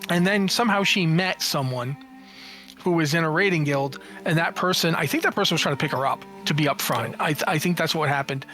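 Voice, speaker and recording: A man in his forties with a high, light voice tells stories as an interview guest. He is animated and jokey and acts out what people said, with frequent restarts. Faint music plays under him. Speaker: interview guest, games journalist and writer. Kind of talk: casual storytelling in an interview.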